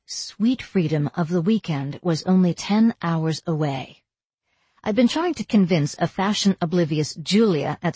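A woman reading a first-person novel aloud in a wry, measured way. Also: fairly low pitch, dark tone, slightly rough, no room sound. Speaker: audiobook narrator.

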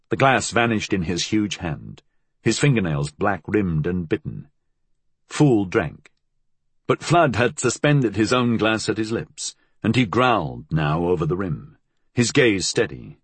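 A man narrating a story as an audiobook reader with a measured, expressive delivery. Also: fairly low pitch, breathy edge, no room sound. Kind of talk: scripted narration.

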